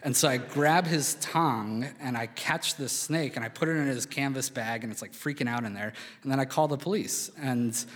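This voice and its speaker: A man's voice: medium pitch, normal speed, hardly any pauses, a bit bright. A man from Philadelphia telling a true story on stage in a casual, chatty way, full of "like" and little fillers. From Philadelphia, USA. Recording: reverberant hall, live stage.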